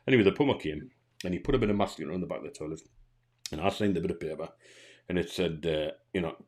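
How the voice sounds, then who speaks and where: A man's voice: low voice, very fast, a little mellow. A man with a Geordie accent, co-hosting a casual streamed chat and telling a long anecdote, acting out both sides of a phone call and often restarting his sentences. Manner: rambling storyteller who acts out both sides of phone calls, with frequent restarts. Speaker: co-host.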